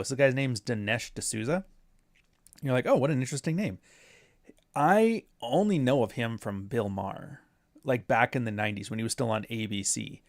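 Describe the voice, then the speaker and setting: A man's voice: mid-range voice, no room sound, studio quality. A man doing casual commentary, rambling through sarcastic asides. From Canada. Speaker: commentary host.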